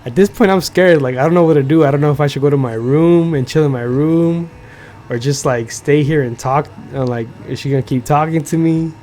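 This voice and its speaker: A man's voice: on the high side, fairly quick, dark tone, a little hiss or hum. A young man hosting a podcast, telling a story in casual chat. He swears a lot, fills his talk with "like" and keeps asking "you feel me". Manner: profane, filler-heavy, keeps checking in with "you feel me". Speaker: podcast host.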